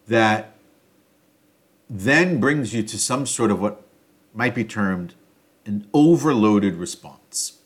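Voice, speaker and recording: A man at a middle pitch gives a reflective solo talk on a self-help topic. He thinks aloud in loose sentences, stopping to restart and filling gaps with small hedging words. His loudness rises and falls as he goes.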